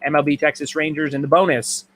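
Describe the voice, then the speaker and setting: A man's voice: on the high side, little pitch movement, quick pace, a bit bright. Upbeat man hosting a trivia stream. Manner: reads answers and questions in repeated lists. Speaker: trivia host.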